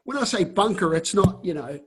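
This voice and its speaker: An Australian man, a podcast guest on a video call, telling a story in a lively way and often restarting his phrases. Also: high voice, a little fast, breathy edge. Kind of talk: casual storytelling.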